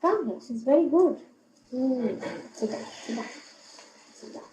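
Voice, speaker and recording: An older woman giving an informal spiritual talk in a public hall, often laughing and speaking in an animated, instructive way. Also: high voice, measured pace. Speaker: spiritual teacher. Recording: echoey hall, faint background hiss.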